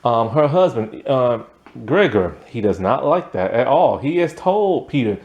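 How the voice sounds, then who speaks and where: A man's voice: mid-range voice, big pitch swings, unhurried, darkish tone, muffled recording. A young man casually reviewing a TV series, rambling with lots of ums and likes and chuckling now and then.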